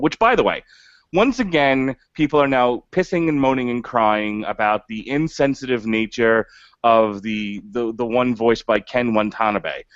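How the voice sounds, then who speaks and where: Animated male podcast co-host. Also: medium pitch, no room sound. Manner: animated, laughs often, halting restarts. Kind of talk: casual movie review chat. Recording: dull lo-fi dry audio.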